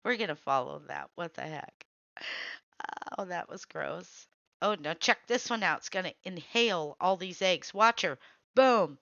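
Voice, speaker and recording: A woman's voice: fairly low pitch, lively intonation, gravelly, fairly bright tone, no echo, muffled recording. A woman hosting, giving blunt, reactive running commentary as she scrolls through videos. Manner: blunt, reactive, quick to say nope. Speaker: host.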